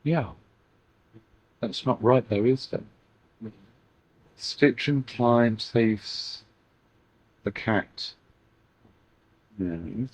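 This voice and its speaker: A man's voice: medium pitch, no echo. A man channeling a teasing spirit, Tia. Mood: measured. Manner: slow, halting, playful and teasing. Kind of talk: channeling session. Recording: dull dry lo-fi recording.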